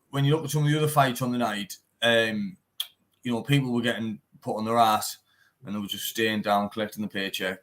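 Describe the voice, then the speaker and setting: Man, teesside accent, young adult, bare knuckle fighter, blunt, sweary, casual interview chat. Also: medium pitch. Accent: Teesside English. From England. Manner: blunt, swears often, says "mate" constantly.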